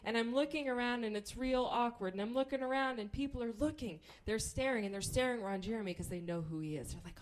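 A woman's voice: mid-range voice, fast talker, hardly any pauses, darkish tone. A woman from Kansas doing stand-up, telling a story in a wry, profane way and acting out the people in it. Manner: profane, wry, acts out quoted people in voices. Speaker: stand-up comedian.

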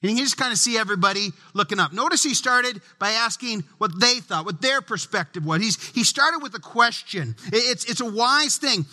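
A middle-aged male pastor preaches in a high, piercingly bright voice, joking and conversational as he acts out little scenes from home. His words ring out into the long echo of a large church sanctuary. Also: animated, brisk, few pauses. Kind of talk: sermon.

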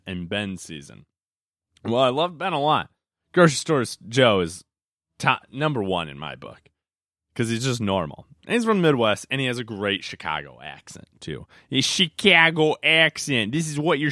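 A man's voice: on the low side, fairly bright tone, no echo, clean studio sound. A young man talking casually on his solo podcast, rambling with lots of fillers and self-corrections. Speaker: podcast host.

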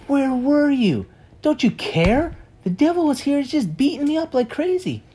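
A man voicing a desperate homeowner who pleads in a high, strained voice. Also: sing-song, a little slow, mellow, exaggerated voice. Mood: pleading. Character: desperate man beaten by the devil.

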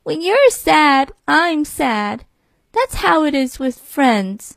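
Storybook lamb done by a woman: little male, soft-hearted, weepy, high-pitched. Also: very animated, takes it slowly, vocal fry, dry recording, studio quality, full character voice. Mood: tender. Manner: sobbing, tearful. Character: small sad male lamb, gentle and loyal.

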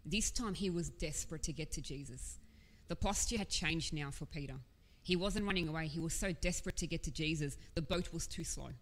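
A woman's voice: deep voice, brisk, hardly any pauses. A woman preaching a sermon in an earnest, conversational way, with casual asides. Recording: long hall reverb.

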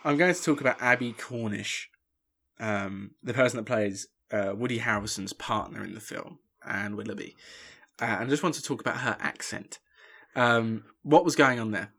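A young man co-hosting a casual film review podcast, rambling and animated, with lots of fillers and restarts. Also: fairly low pitch, moderate pace, gravelly. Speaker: podcast co-host.

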